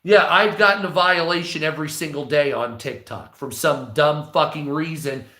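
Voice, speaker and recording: A man in his forties rants freely on a livestream, swearing often and rambling between topics. His voice is bright and pitched a little high. It rings in an echoey room. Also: moderate pace. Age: 40s. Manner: profane, rambling ranting. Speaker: livestream host. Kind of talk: casual livestream monologue.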